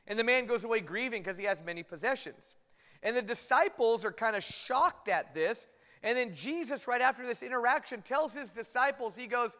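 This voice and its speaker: A man preaching a morning sermon, retelling a Bible story in a lively way and acting out the quoted speakers. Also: very high voice, normal speed. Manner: storytelling, acts out quoted voices. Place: church sanctuary. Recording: long hall reverb.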